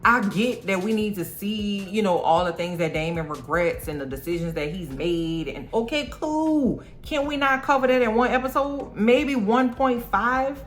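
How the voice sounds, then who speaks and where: A woman vlogger giving a sassy, slangy, animated recap of a TV episode. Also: medium pitch. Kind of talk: casual show recap.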